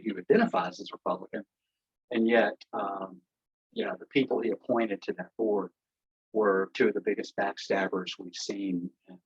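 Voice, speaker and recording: A man's voice: lowish voice, husky. A man giving a casual, impassioned and sarcastic livestream briefing as an election integrity activist, talking from an office through a headset. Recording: muffled headset audio.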